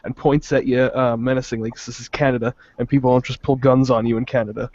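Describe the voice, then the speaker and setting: A man's voice: medium pitch, level tone, fast, darkish tone, no room sound. Guy at a tabletop rpg, jokey, swears, kinda muffled. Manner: joking, casual, swears. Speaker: player. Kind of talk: tabletop role-playing game talk.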